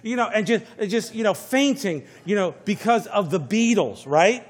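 A man's voice: high voice, animated, normal speed. A male pastor preaching a sermon, emphatic and repeating key phrases for weight.

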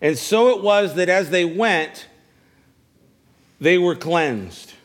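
A man's voice: high voice, animated, slow pace. A male pastor preaching a sermon at a church service, asking his listeners questions and repeating his key phrases. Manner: preaching with call-and-response questions; repeats phrases, stammers on restarts.

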